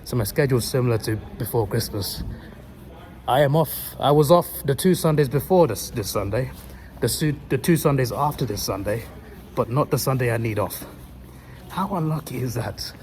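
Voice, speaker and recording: A man's voice: medium pitch, a little fast, a little mellow. A young man chatting casually to his phone, rambling and correcting himself as he tells a story. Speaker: vlogger. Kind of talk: casual chat. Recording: noisy street with traffic. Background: passing cars and urban street noise.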